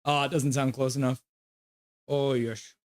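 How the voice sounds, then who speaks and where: Speaking unhurriedly in a flat, mid-range voice, a man hosts a live stream of casual game reaction and chat. He reads viewer comments out loud, offers loose play-by-play, and coos at his dog.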